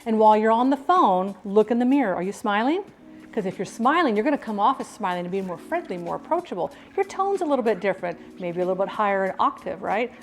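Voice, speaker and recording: Middle-aged woman streamer, mid-pitched, chatty and upbeat, faint music underneath. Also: animated, quick pace, hardly any pauses. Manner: chatty, upbeat, laughs often. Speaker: live streamer. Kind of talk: casual live-stream chat.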